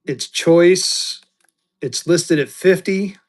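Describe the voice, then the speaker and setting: Guy running a live auction stream, kinda high voice, joking around with chat. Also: extremely slow. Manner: chatty, jokey, banters with viewers. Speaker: livestream seller and host. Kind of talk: casual live auction selling.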